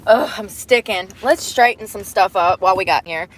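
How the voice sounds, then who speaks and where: A woman's voice: medium pitch, normal speed, noisy background. A woman live-streaming from inside her car on a phone camera, chatting to viewers in a casual, profane way. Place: inside a parked car at a drive-thru.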